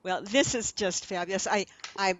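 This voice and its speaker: A woman hosting an interview, encouraging her guest with warm interjections. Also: medium pitch, normal speed. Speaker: interview host. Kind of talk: casual interview. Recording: dry, dull lo-fi recording.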